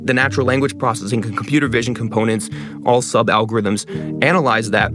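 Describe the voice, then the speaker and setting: A man speaking as an interview guest, talking fast and stressing many words. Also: mid-range voice, fairly even intonation, over music. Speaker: guest, content creator. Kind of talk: interview conversation.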